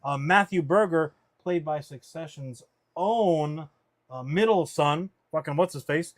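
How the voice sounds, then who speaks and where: A man with a high voice runs a loose pop-culture chat, animated and rambling. He swears freely and piles up fillers and restarts. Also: measured pace. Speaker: podcast co-host.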